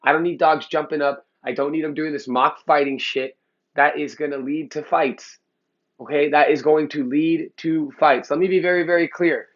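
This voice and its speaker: Speaking straight to the camera, an LA dog trainer delivers a heated, swear-filled, opinionated rant. He has a fairly high, fairly bright voice with fairly even intonation at normal speed, and the recording is muffled.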